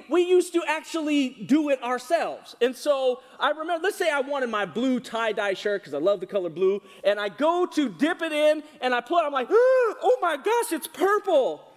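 High-voiced man preaching in a hall. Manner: animated, asks the congregation questions. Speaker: pastor. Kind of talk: sermon. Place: church hall with congregation. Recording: reverberant hall.

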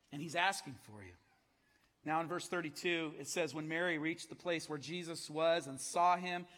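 A man preaching a sermon, reading scripture dramatically and dropping from loud calls to hushed words. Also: high voice. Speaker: pastor. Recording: long hall reverb.

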